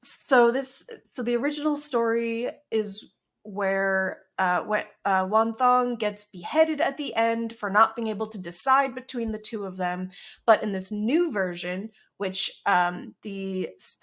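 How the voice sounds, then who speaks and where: A woman co-hosting a casual recap podcast, explaining what she looked up with many pauses and fillers. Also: medium pitch, fairly bright tone. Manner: hesitant, many ums and uhs, explains research. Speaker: podcast co-host.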